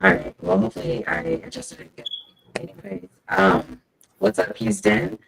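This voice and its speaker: A woman hosts her podcast segment with heavy vocal fry. Her pitch swings a lot as she tells the game story in upbeat, slangy talk. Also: big pitch swings, moderate pace, a crowd in the background, low-quality recording. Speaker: segment host, team fan. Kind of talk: casual podcast game recap.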